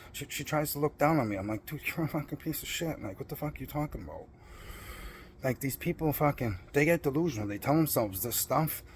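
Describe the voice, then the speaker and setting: Man, middle-aged, profane, boastful, defiant rant, mid-range voice, faint background hiss. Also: mid-range voice. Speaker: vlogger. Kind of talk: blunt personal rant.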